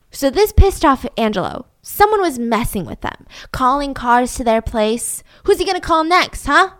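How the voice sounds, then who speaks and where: A woman telling a story in a casual, animated way with wry asides. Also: high voice, moderate pace, few pauses.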